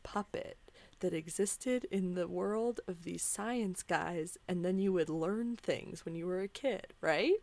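A woman co-hosting a casual podcast, reacting loudly into her microphone. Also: lowish voice, slow pace, creaky. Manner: loud and reactive, gasps and laughs. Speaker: podcast co-host. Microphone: close podcast mic.

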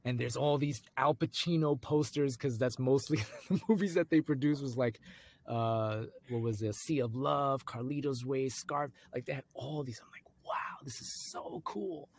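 Young guy on a podcast telling a story, animated, does little voices for people. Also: mid-range voice, normal speed. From United States. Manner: animated, acts out voices in his anecdotes. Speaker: guest. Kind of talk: storytelling in casual conversation.

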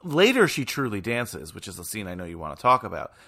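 A man's voice: lowish voice, fast. A man co-hosting a podcast, chatting casually and ramblingly about a film. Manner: rambling, animated, lots of fillers. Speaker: podcast co-host.

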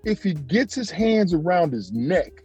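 A man, a former pro basketball player, telling stories in a casual interview, animated and jumping up in pitch when he acts out other people. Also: measured pace, slightly rough, lo-fi sound, soft background music.

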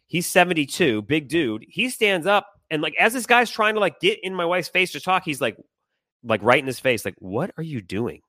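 A middle-aged man telling a heated personal story on a podcast, animated and swearing, acting out the people he quotes. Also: fairly high pitch, normal speed, no echo, studio quality. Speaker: podcast co-host. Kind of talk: casual storytelling chat.

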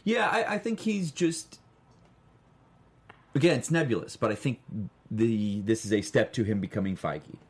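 Rambling, animated male co-host. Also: fairly low pitch, normal speed, long pauses, husky. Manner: rambling, restarts often. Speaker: podcast co-host. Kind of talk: casual chat.

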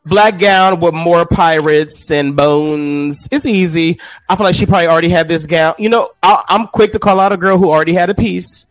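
Chatty slangy man, fairly high voice. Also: no echo, low-quality recording. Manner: chatty, slangy, quick to interject. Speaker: podcast co-host. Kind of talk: casual chat.

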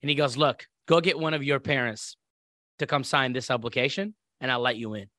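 Speaking briskly at a medium pitch, an Iraqi man on a podcast animatedly recounts a story in casual talk, performing the voices of the people he quotes. The studio-quality recording has no room sound.

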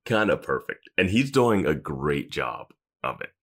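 Very deep-voiced man in casual chat. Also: a little slow, breathy edge. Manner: relaxed, agreeable, many short affirmations. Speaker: podcast co-host. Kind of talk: casual chat about a TV episode.

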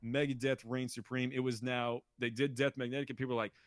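Animated man in casual podcast chat. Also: medium pitch, fast, clear, resonant tone, no room sound, studio quality. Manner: animated, mimics people in shouted bursts. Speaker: podcast co-host.

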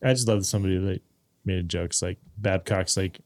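A man's voice: deep voice, fairly even intonation, fairly quick. A man co-hosting a podcast in casual chat, teasing his friends, laughing and swearing. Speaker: podcast co-host.

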